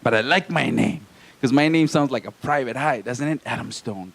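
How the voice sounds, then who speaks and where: A man's voice: mid-range voice, moderate pace, creaky, a bit bright. A man from Hawaii doing a live stand-up set in a small comedy club, with self-deprecating, wry asides to the crowd.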